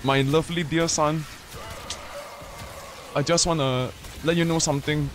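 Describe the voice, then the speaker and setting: Doting dad, put on by a man, slightly high voice, coaxing and tender, noisy voice chat. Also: fairly even intonation, a little slow, lightly acted. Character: doting fatherly dad addressing his son.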